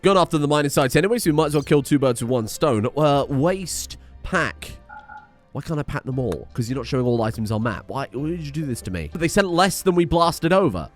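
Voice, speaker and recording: A young man chats his way through a game session in an animated, swearing, self-mocking way. His pitch swings widely between mutters and sudden yelps, and faint music plays underneath. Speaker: gaming YouTuber. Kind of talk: casual let's-play commentary.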